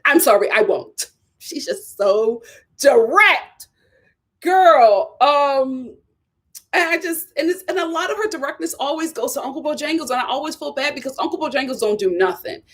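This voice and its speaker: A woman hosting a live stream, giving sassy, animated commentary on a reality show and talking straight to her viewers. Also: high voice, normal speed. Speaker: live show host reviewing a reality series.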